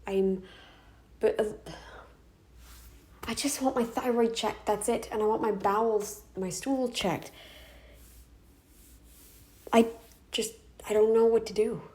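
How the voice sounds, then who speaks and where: A woman with a slightly high, steady, somewhat mellow voice takes her time, leaving long pauses as she rants in a personal vlog from her bedroom. She is exhausted and tearful, venting with sighs and frequent restarts.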